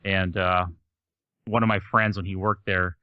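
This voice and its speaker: A man's voice: low-pitched, flat delivery, a little slow, smooth, no echo, narrow, tinny audio. A man co-hosting a podcast, telling a funny story in casual chat and laughing often. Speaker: podcast co-host.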